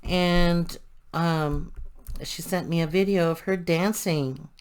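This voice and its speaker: Slow, low-voiced older craft vlogger woman. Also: steady tone, a little mellow, clean tone. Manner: chatty, thinking aloud while working. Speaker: crafting channel host. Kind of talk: casual craft tutorial chat.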